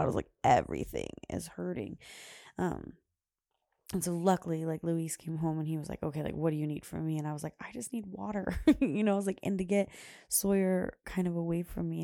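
Gravelly low-voiced woman telling a story. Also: warm tone, no room sound, studio quality. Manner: rambling, many "like" fillers, quotes herself. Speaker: podcast host. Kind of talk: casual storytelling monologue.

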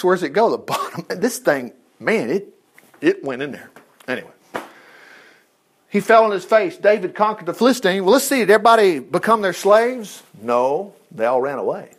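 A man teaching a Bible story in a folksy, chatty way, with asides and self-corrections. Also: high voice. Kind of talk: casual Bible-study teaching.

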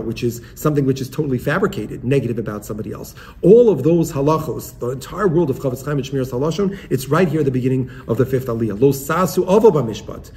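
Earnest rabbi, fairly high voice. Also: male voice, a little mellow. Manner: earnest, explains Hebrew terms one by one. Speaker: rabbi teaching the weekly Torah portion. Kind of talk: Torah lesson with a told story.

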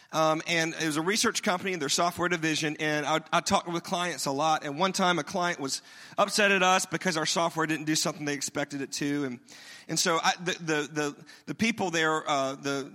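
A middle-aged man preaching a sermon as a pastor, conversational and energetic, with humorous asides. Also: fairly high pitch. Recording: long hall reverb.

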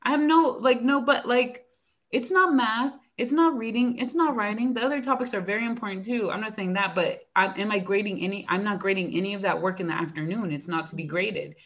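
A woman's voice: medium pitch, fairly even intonation, quick pace, hardly any pauses. A woman who teaches elementary school, chatting casually and animatedly, acting out exchanges with her students and using lots of fillers. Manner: frequent fillers like "like". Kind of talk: casual chat.

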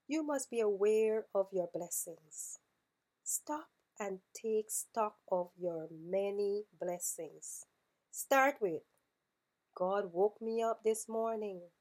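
A woman preaching a devotional message, slow and deliberate, repeating key phrases for emphasis. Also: medium pitch, a little mellow. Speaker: podcast preacher. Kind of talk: devotional sermon.

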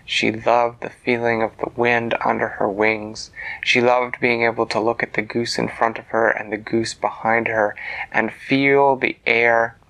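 A man telling a bedtime story to a child in a gentle voice that sometimes drops to a soft whisper. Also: mid-range voice, little pitch movement, measured pace, rough recording.

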